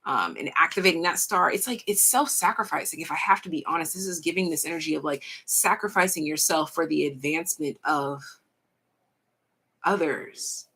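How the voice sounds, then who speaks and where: A young woman with a husky, slightly low voice runs a casual pick-a-card tarot reading. She talks frankly in slang, swears freely and drags out her pauses as she works through each card. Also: pushed and bright. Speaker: tarot reader.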